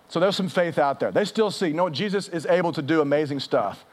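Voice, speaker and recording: A male pastor delivering a sermon in a lively, conversational way. He acts out quoted lines with sudden rises and drops in pitch and volume, and his voice sits a little on the high side. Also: brisk, few pauses. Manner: animated, acts out quotes with big shifts in pitch and loudness.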